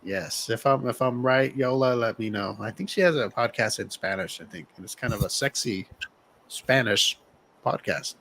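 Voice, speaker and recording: Guy hosting a podcast, middle pitch, joking around, lots of restarts. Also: lively intonation, normal speed, fairly bright tone, low-quality recording. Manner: joking, crude banter with restarts. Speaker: podcast host. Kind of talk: casual chat.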